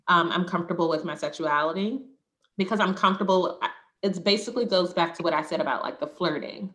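A woman's voice: low-pitched, fairly bright tone. A woman co-hosting a podcast, talking candidly and reflectively, often laughing. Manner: reflective, laughs often, acts out quoted voices. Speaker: podcast co-host. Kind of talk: candid conversational chat.

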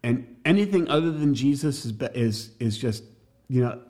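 A man's voice: medium pitch, lively intonation, normal speed, a little mellow. A man teaching a church class on evangelism, jokey and emphatic, talking straight to his listeners.

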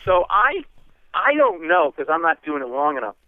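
A man telling a comic story in an interview, animated and acting out the people in it. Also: a little high, normal speed, no room sound. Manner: animated, acts out voices. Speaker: guest comedian. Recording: tinny phone-like line.

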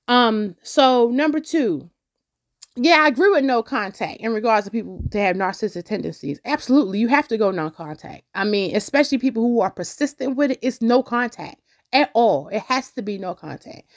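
This podcast host has a fairly high-pitched voice. She shares a personal story casually and animatedly, speaking directly to her listeners.

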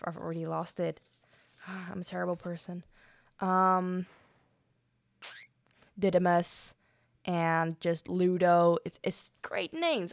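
A woman's voice: lowish voice, vocal fry, dry recording. A young woman casually reviewing a film on her solo podcast, rambling and chatty with lots of fillers and frequent apologies.

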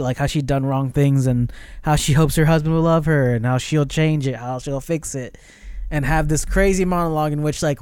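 A man co-hosting a podcast casually retells a film scene by scene in a rambling, animated way, packed with fillers, as part of a relaxed film review chat. His voice is fairly high and smooth, recorded dry with studio quality.

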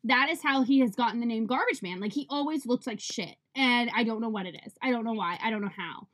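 A young woman casually telling a dating story, profane, animated and exasperated. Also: on the high side, fast.

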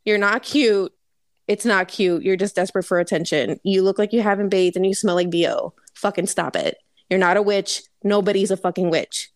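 A woman's voice: mid-range voice, normal speed, no room sound. A woman co-hosting a casual podcast, ranting with sarcasm and heavy swearing. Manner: profane, sarcastic ranting with frequent laughter. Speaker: podcast co-host.

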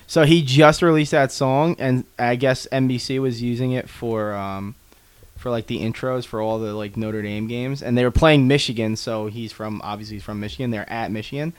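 Casual podcast co-host: young man, smooth clear voice, lively storyteller who swears. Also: mid-range voice, moderate pace. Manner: animated storyteller, swears freely, acts out quotes. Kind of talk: casual chat.

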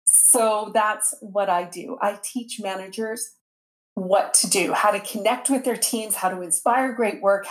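A woman's voice: medium pitch, measured pace. A woman coach speaking as a guest in a podcast interview over a video call, playful and upbeat. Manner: playful and upbeat, laughs easily. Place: home in Vancouver.

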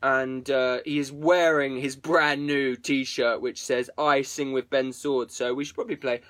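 A man's voice: medium pitch, little pitch movement, measured pace, a bit bright, soft background music. A man streaming to viewers as a musician, rambling casually with plenty of swearing and jokes. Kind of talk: casual livestream chat.

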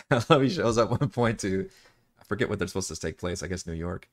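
A man's voice: deep voice, normal speed. A man acting as dungeon master, chatting casually and rambling during live-streamed game prep, often laughing and swearing.

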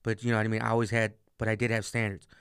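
A man's voice: lowish voice, little pitch movement, racing, fairly bright tone, clear, resonant tone, dry recording. A young man from the Chicago area, a guest rapper chatting over beers in a studio, telling rambling stories with lots of slang. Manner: laid-back, rambling storyteller, slangy. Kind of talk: casual chat over beers. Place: small studio.

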